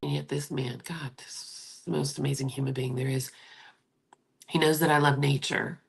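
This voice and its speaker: A woman with a low, husky voice hosts a candid livestream, speaking straight to her viewers. Her delivery is emotional and confiding, with a gravelly edge. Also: level tone, normal speed. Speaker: livestream host. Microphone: streaming setup.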